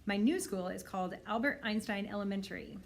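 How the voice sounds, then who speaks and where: A woman librarian reading a children's novel aloud in a clear, steady storytelling manner. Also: medium pitch, brisk.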